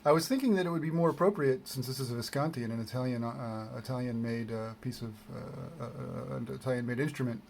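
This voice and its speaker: A man's voice: medium pitch, fast, gravelly, few pauses, a little mellow, slight background noise. A man rambling casually through an unboxing, self-deprecating and meandering, with many fillers and restarts, recorded on a desk camera mic. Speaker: vlogger.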